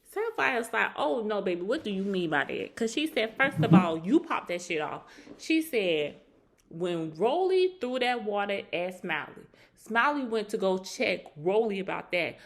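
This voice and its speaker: A woman casually recapping a reality show reunion, animated and acting out quotes in a higher voice. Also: measured pace.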